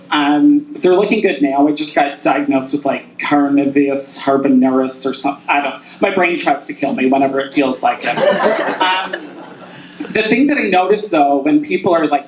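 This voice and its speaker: A woman doing a stand-up set with blunt, deadpan punchlines on a club stage. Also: low-pitched. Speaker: stand-up comic. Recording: echoey room with loud noise.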